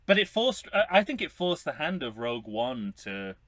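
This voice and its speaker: Wry, bright-voiced man chatting. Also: medium pitch, big pitch swings, moderate pace, no room sound. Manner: wry, joking, many restarts. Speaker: podcast co-host. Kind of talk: casual chat.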